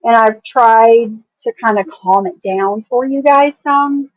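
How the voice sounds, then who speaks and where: A woman's voice: on the high side, slow, no echo, highs cut off. A woman from West Virginia with a country accent, giving blunt, casual commentary on a stream and swearing freely.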